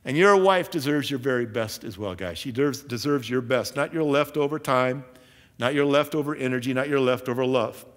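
A man's voice: mid-range voice, fairly quick, big-room sound. A man giving a sermon as pastor, emphatic and earnest, with self-deprecating asides. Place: church.

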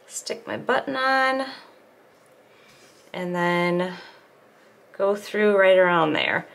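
A middle-aged woman hosting a crochet tutorial, talking casually and step by step while she works with her hands at home. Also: medium pitch. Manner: chatty and relaxed, talks while working with her hands. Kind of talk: casual step-by-step craft demonstration.

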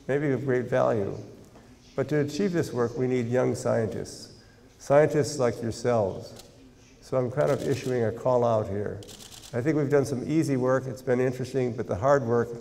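Gravelly older man lecturing in a hall. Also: mid-range voice, mellow. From United States. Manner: measured, with dry humor in anecdotes. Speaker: guest lecturer, scientist. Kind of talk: university lecture. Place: large university lecture hall.

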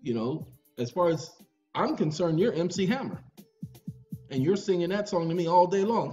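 A man's voice: on the high side, animated, normal speed, mellow. A tired man hosting a video, talking in a rambling, joking monologue. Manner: rambling, joking, drawling, breaks into song. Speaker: video host. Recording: dull lo-fi recording with faint music.

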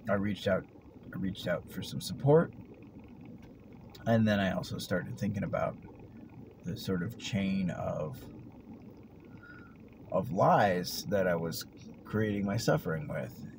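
Male vlogger, low register, meandering and reflective, trailing off quietly; noisy recording with traffic behind. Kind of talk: rambling personal vlog. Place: at work, vehicle sounds around.

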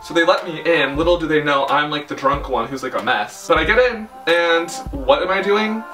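A man's voice: fairly high pitch, normal speed, bright, forceful tone, far from the mic, faint music behind. A young man telling a dramatic storytime in a chatty way, full of filler words. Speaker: vlogger. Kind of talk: casual storytime.

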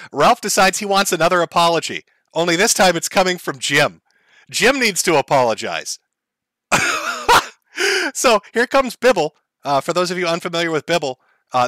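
A man's voice: fairly high pitch, sharp tone, dry recording. A man hosting a comedic commentary show, mocking and profane, often laughing at his own jokes. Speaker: commentary host.

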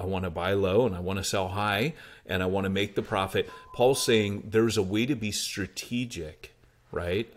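Deep-voiced American man telling stories. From United States. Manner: animated, acts out quoted dialogue. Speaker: pastor and church planter. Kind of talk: conversational interview storytelling.

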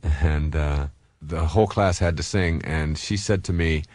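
A man's voice: very deep voice, unhurried, darkish tone, no room sound, studio quality. A man in his fifties, a self-help author, giving a conversational motivational talk full of personal stories, with many fillers and restarts.

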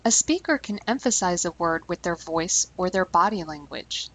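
A woman language teacher giving scripted instructional narration, speaking clearly and slowing down deliberately on key terms. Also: fairly low pitch, animated, a bit bright, poor audio.

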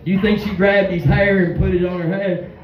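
A man's voice: high-pitched, fairly even intonation, fairly quick, echoey room, recorded from a distance, highs cut off. A man doing a crude, rowdy stand-up set and talking straight to a bar crowd. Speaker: stand-up comedian. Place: bar stage with a live audience.

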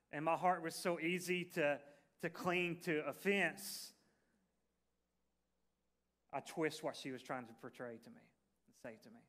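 A man's voice: sits high, sharp tone. A male pastor preaching a sermon in a conversational, folksy way, with fillers and restarts.

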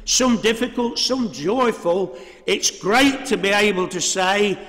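A man preaching a sermon in a church, measured and full of rhetorical questions. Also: high voice, a bit bright. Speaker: priest. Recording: reverberant church hall.

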